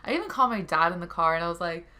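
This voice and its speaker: A woman's voice: on the low side, animated, very fast, pushed and bright. A young woman casually telling a storytime tale, chatty and rambling, laughing easily. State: stuffy from a head cold then. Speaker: co-host telling a birth story.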